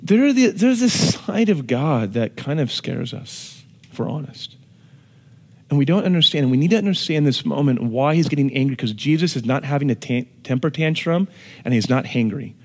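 A pastor giving a sermon, telling stories and moving between hushed and loud, emphatic passages. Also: male voice, a little high, lively intonation, moderate pace. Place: church hall with an audience. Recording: long reverb of a church hall.

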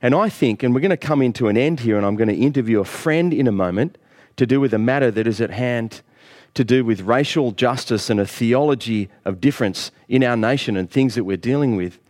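A man's voice: medium pitch, a little fast, a little mellow. Middle-aged man, pastor, preaching with earnest, rising emphasis. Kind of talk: sermon.

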